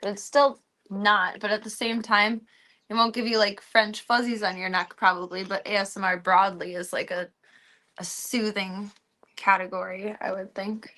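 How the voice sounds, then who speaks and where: A woman's voice: medium pitch, steady tone, moderate pace, sharp tone. A young woman streamer chatting casually at home, rambling and cooing baby talk at her cats. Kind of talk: casual chat while streaming.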